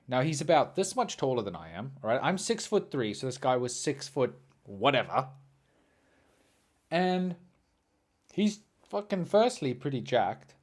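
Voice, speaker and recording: Lively, profane man. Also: fairly high pitch. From South Africa. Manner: animated, profane, ranting. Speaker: podcast host. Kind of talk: storytelling monologue.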